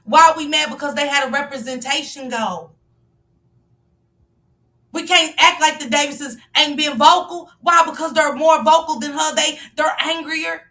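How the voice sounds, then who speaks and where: A woman's voice: high-pitched, steady tone, normal speed, sharp tone, distant mic. A woman giving passionate live-stream commentary, firing off rhetorical questions and sometimes raising her voice. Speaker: livestream commentator.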